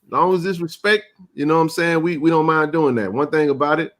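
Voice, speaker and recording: A man's voice: on the high side, fast, fairly bright tone. A man, hosting a casual live sports chat stream in a laid-back, drawling way.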